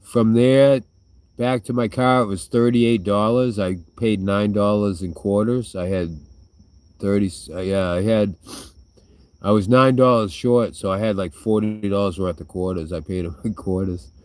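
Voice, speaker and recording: A man's voice: on the low side, steady tone, unhurried, a little mellow, dry recording. Rambling, swearing man with a smoker's cough. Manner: rambling, trailing off and restarting; smoker's cough between sentences. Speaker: vlogger answering viewer questions. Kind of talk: casual chat, swearing freely.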